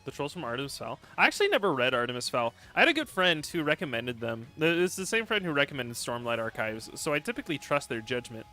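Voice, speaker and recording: A man chats loosely on a livestream, rambling and joking with plenty of laughs and fillers, his pitch swinging widely. His voice has a bright, forward edge, and soft music runs quietly under him. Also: sing-song, fast talker, few pauses. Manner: reads and answers viewer chat. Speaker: streamer. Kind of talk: casual livestream chat.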